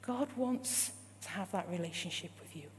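A woman's voice: fairly low pitch, animated, moderate pace. Woman preaching in an echoing hall. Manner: rising rhetorical questions, emphatic repetition. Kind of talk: sermon. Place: church hall. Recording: long hall reverb with faint hum.

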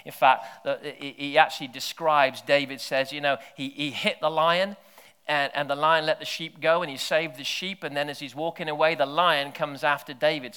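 A man preaching a sermon full of stories. He drops to near-whispers and then breaks into loud shouted bursts. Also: medium pitch, smooth. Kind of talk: sermon with storytelling.

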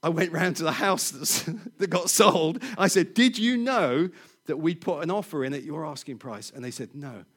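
A middle-aged man preaching, telling a personal story in an animated way, laughing often and repeating words. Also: a little high, normal speed, slightly rough.

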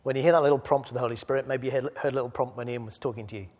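A man delivering a sermon in a medium voice, speaking gently and thoughtfully in one stretch, then urging his listeners on with rising force. He addresses a church gathering directly. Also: medium pitch, fairly even intonation, very fast. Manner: swings from quiet reflection to loud exhortation. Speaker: preacher.

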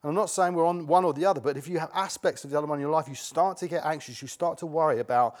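A man's voice: fairly high pitch, rapid-fire, few pauses. A middle-aged man preaching a sermon, emphatic and repeating key words for stress.

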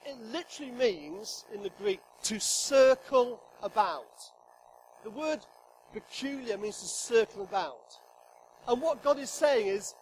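High-voiced preacher, humorous and emphatic. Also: male voice, lively intonation, a little slow, slight background noise, low-quality recording. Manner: humorous, emphatic, acts out God's voice. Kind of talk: sermon. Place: church hall with congregation.

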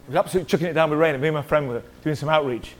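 A man's voice: on the high side, racing, slight background noise, low-quality recording. A middle-aged man preaching a sermon as a pastor, telling a story in a chatty way and joking with the congregation. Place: church hall.

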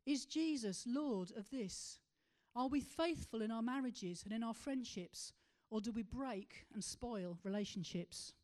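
A woman preaching a sermon, asking rhetorical questions and slowing to stress key words. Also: fairly high pitch, a little mellow.

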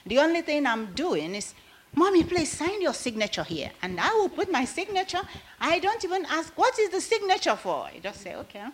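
A woman's voice: on the low side, a little hiss or hum, rough recording. An older woman giving heartfelt thanks to God before her church group. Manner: heartfelt, grateful speech. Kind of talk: testimony in a prayer meeting.

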